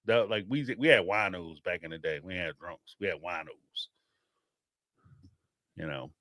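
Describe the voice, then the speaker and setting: A man's voice: low-pitched, measured pace, no echo, clean studio sound. A middle-aged man hosting a podcast, telling rambling, laughing stories in a casual chat. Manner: laughing, rambling, animated storytelling. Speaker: podcast host.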